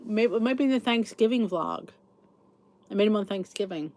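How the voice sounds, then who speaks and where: A woman's voice: medium pitch, expressive, moderate pace, a little mellow. A middle-aged woman hosting a podcast, chatting in a rambling, sleepy way as she thinks aloud and answers comments. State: sleepy, yawning. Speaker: podcast host. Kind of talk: casual chat reading live comments.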